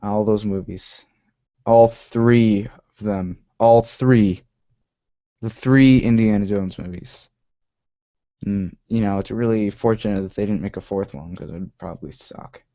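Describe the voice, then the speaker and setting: On a dull, lo-fi home stream, a young man hosts a live web show in a warm, fairly low voice at a measured pace. He chats casually and rambles, restarting often, dropping lots of "like," and correcting himself as he goes.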